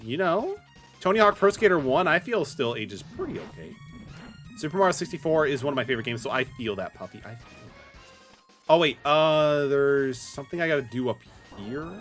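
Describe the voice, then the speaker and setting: A man's voice: medium pitch, a bit bright. A man streaming a game live, chatting casually with his viewers as he plays, with lots of fillers and restarts. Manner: chatty, talks to chat viewers by name while playing; loose filler-heavy talk with many restarts. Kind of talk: casual livestream chat. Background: faint game music.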